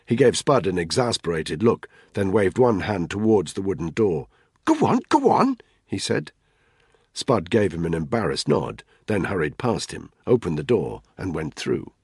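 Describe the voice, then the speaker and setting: A man narrating a thriller audiobook in a measured, tense storytelling manner. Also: low voice, expressive, a little mellow, breathy edge, no room sound, studio quality.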